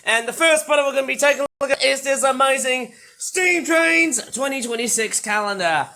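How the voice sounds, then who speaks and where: A man with a hoarse, sore-throated voice talks through a toy unboxing in a casual, rambling way, breaking into loud excited bursts. His voice sits high and sounds bright and tense despite the hoarseness. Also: brisk, slight background noise, rough recording. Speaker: toy reviewer.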